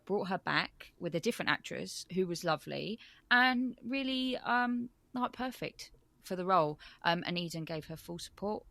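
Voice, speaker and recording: A woman's voice: on the low side, a bit bright, no room sound. A woman co-hosting a podcast in casual chat, rambling and gushing with many ums. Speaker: podcast co-host.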